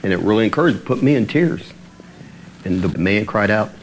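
A man preaching a sermon, going from slow, low musing to high, urgent appeals. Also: expressive, slight background noise, poor audio. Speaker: pastor. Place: church sanctuary.

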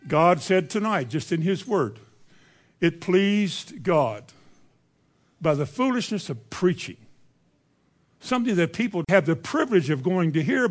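A man preaching a sermon, driving his points home with rhetorical questions to the congregation. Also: high voice.

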